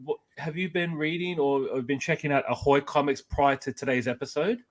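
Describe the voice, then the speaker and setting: A man hosting a casual comics podcast, upbeat and energetic as he runs the show. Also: fairly high pitch, fairly quick. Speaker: podcast host.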